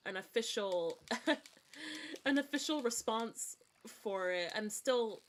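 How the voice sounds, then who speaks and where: A woman streaming a game, chatting casually and rambling with frequent restarts and giggles, with a hard-to-place accent that mixes formal and informal words. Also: fairly high pitch. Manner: rambling, self-correcting, giggly. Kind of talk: casual gaming stream chat.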